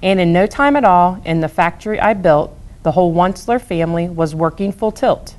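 A woman from a school staff reading a rhyming children's book aloud in a steady, rhythmic way. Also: on the low side, a little fast.

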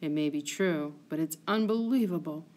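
A woman's voice: low-pitched, moderate pace, warm tone, close to an everyday voice. A woman voicing an outraged, loyal maidservant who speaks with indignant passion. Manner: indignant, impassioned.

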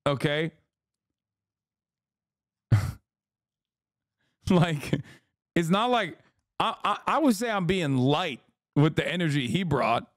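A man's voice: a little high, lively intonation, slow pace, pauses often, dry recording, clean studio sound. A man in his thirties livestreaming his reactions to a clip, casual, joking and sarcastic. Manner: joking, sarcastic, laughs between lines. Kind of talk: casual stream commentary.

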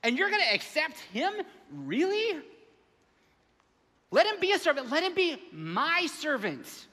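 A man's voice: very high voice, wildly swooping pitch, unhurried, sharp tone, big-room sound, voice pushed up, heavily acted. A man voicing a resentful, dutiful young older brother who complains indignantly and whines about unfairness.

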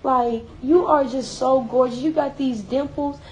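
A hairstylist talks on a casual live stream while doing a child's hair, her high voice unhurried with a little hiss or hum in the audio. Lively and emphatic, she is encouraging and emotional, close to tears.

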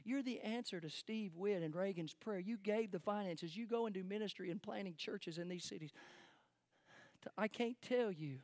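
A man preaching a sermon as pastor, telling a story emphatically and then dropping to hushed tones. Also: sits high, normal speed, dry recording. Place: church sanctuary.

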